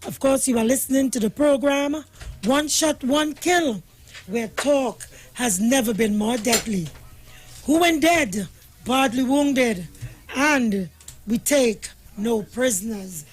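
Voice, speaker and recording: A woman's voice: on the high side, lively intonation, slow, low-quality recording. A woman hosting a radio talk show, upbeat and teasing her co-host, with churchy sayings.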